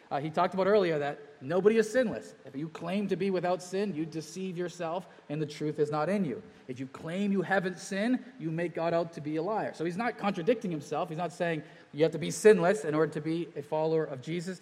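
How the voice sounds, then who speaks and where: A man preaching a sermon as pastor, earnest, with pauses and restarts. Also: a little high, a little mellow. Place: church sanctuary. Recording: long church reverb.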